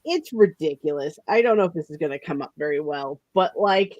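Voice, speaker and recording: A young woman's low-sitting voice, expressive and a little mellow, moves a little fast on dull audio with no room sound. As host of a casual productivity stream, she yawns drowsily, rambles, and laughs a lot.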